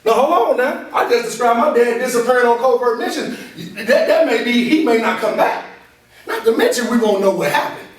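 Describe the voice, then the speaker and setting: Speaking a little fast, a high-voiced man coaches a live audience in a meeting room with an animated motivational talk, constantly asking whether they follow him. The mic is far off, so the room's echo is strong.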